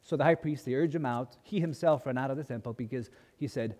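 A man preaching a sermon, telling a Bible story and a childhood memory with lively acted-out voices. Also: mid-range voice, quick pace, hardly any pauses, in a large hall. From grew up as a missionary kid in a mission. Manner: animated storyteller, acting out voices in quotes.

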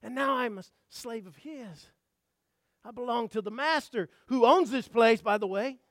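A man preaching a sermon, telling folksy stories and asking the congregation questions, swinging from hushed asides to loud emphatic outbursts. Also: extremely high pitch, normal speed, no room sound, studio quality.

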